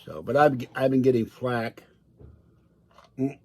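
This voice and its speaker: A man's voice: medium pitch, expressive, slow. A man chatting casually on a livestream from his home, rambling from one story to the next and laughing often. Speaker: livestream host. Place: indoors at home.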